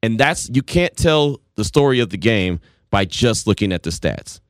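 A man in his forties hosting a casual sports talk show, telling stories with animated voices. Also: lowish voice, normal speed, no echo, clean studio sound. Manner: animated storytelling, acts out voices.

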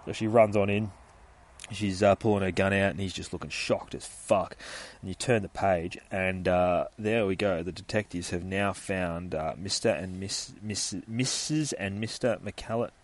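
A man's voice: low voice, unhurried. A man retelling a comic story in casual, profanity-heavy speech, acting out the scenes. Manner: swears constantly, animated retelling with voices.

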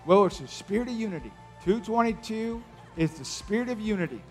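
A man doing an impression of a folksy old male prophet mentor, drawling and gently teasing. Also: high-pitched, animated, a little fast, faint music behind, pitched above the performer's own voice. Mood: solemn.

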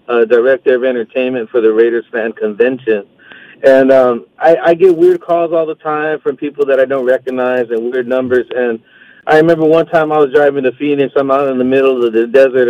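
A man's voice: mid-range voice, dry recording. Man, radio caller, casual storytelling, dull lo-fi line, dry. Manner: casual, storytelling, acts out voices. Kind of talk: telling a story on a call-in show. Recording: dull phone-line sound.

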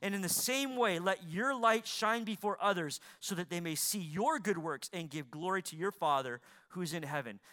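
A man preaching a sermon to a congregation, asking them questions and repeating lines for emphasis, swinging between loud emphasis and quiet pleading. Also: high-pitched, moderate pace, few pauses. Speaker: pastor.

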